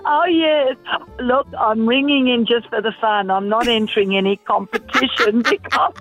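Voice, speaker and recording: A woman in her seventies calling in to a radio show, chatty and giggly, with a slightly croaky morning voice. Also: a little high, moderate pace, fairly bright tone. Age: 70s. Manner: giggly, chatty, self-deprecating. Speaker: caller. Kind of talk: casual radio call-in chat. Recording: muffled phone line with faint music.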